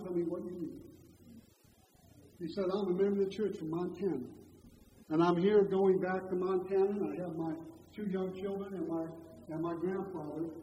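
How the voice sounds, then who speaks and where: High-voiced man preaching in an echoey hall. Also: a little hiss or hum. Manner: emphatic, swings from loud slow stresses to quiet storytelling. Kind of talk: sermon. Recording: echoey hall, dull lo-fi sound.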